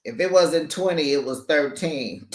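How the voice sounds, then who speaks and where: Sassy slow-talking recap host, echoey room. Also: medium pitch. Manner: sassy, animated, laughs often, calls listeners honey and baby. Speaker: reality show recap host. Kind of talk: casual chat recap.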